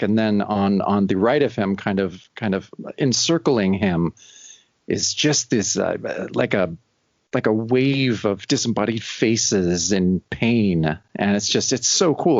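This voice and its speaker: Low-voiced enthusiastic podcast co-host, a man. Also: lively intonation, unhurried, no room sound, highs cut off. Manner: enthusiastic, laughs easily. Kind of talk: casual comic book chat.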